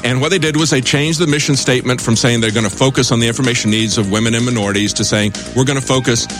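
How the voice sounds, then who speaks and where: Measured male reporter on talk radio. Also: mid-range voice, over music. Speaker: reporter guest. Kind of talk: radio interview.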